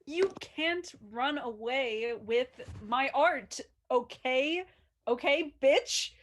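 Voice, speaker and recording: High voiced woman, super slow, huffy lecturing in an improv bit. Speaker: improv performer. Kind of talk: improv comedy scene.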